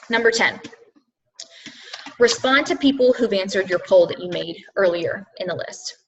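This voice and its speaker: A woman's voice: mid-range voice, unhurried, distant mic, slight background noise. A woman coaching her team on a video call in casual motivational talk, earnest and full of fillers, repeating her points for emphasis. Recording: dull lo-fi video call audio.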